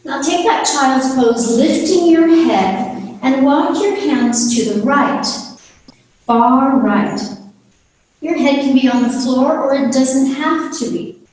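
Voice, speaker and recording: A woman teaching a gentle yoga class, giving slow, calm, soothing cues over a live video call. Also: high-pitched. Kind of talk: guided yoga class instruction. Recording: roomy echo from far off the mic.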